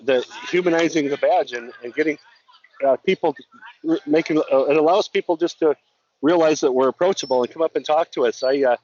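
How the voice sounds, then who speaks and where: A man's voice: a little high, fairly quick, darkish tone. Earnest man on a dull call line. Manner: earnest, repeats words as he talks. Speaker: guest, law enforcement officer. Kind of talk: casual chat. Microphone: remote call-in. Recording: slightly dull call audio with faint noise.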